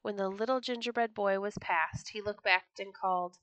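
Woman, storybook reading, podcast storyteller, expressive, bright, dry close sound. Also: medium pitch, moderate pace, few pauses, no echo.

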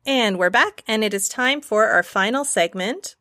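A woman's voice: fairly high pitch, lively intonation, moderate pace, bright, forceful tone, no echo, studio quality, faint music behind. A woman with a Canadian accent co-hosting a movie podcast, leading the segments and laughing often. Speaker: podcast co-host. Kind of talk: casual chat.

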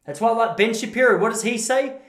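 A man's voice: very high-pitched, fairly quick, fairly bright tone. Blunt, rambling Australian man in a roomy echo. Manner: rambling, blunt, self-correcting. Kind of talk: opinionated monologue.

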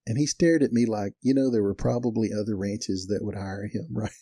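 A man's voice: lowish voice, brisk, no room sound. Folksy older man telling ranch stories. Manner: folksy, chuckling, animated in quoted dialogue. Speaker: storyteller. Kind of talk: casual storytelling.

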